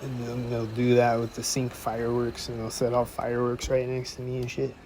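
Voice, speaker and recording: Poor audio catches this man's mid-range, somewhat mellow voice, delivered brisk and monotone. He's a podcast host telling a rambling, profane story in a casual monologue outdoors by traffic, and he quotes others in a raised voice.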